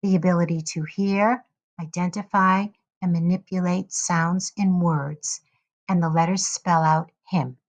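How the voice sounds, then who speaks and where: A woman with a lowish voice explains a lesson at an unhurried, measured pace. She carefully sounds out each example for her listeners. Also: fairly even intonation. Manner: slow, deliberate, models sounds carefully. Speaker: teacher educator. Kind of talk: instructional lesson narration.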